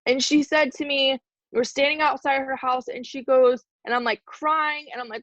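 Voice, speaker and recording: A woman's voice: sits high, fairly even intonation, moderate pace, fairly bright tone, no room sound, dull audio. A woman leading her team, giving a candid, emotional motivational talk on a video call, casual with lots of "like". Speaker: team leader speaking to her team.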